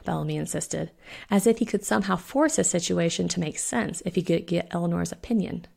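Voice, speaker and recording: Low, gravelly woman reading a story. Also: brisk. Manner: steady, expressive reading. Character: witch Fiona voiced in own voice. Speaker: author reading her story.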